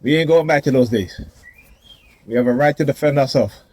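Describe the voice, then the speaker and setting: A man's voice: mid-range voice, brisk, darkish tone. A man ranting defiantly to the camera outdoors in a casual, confrontational vlog, laughing now and then. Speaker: vlogger.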